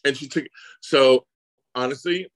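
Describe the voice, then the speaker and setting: A man's voice: medium pitch, a little slow, low-quality recording. A man, an actor guest, telling anecdotes in casual chat and acting out the people he quotes. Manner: animated, voices others in quotes. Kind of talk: casual storytelling.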